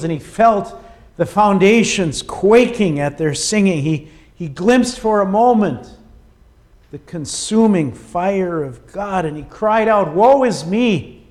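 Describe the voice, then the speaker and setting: A man preaching a sermon, emphatic and dramatic, often dropping to a quiet, low delivery for weight. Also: lively intonation. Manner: slow, emphatic preaching with dramatic drops in volume.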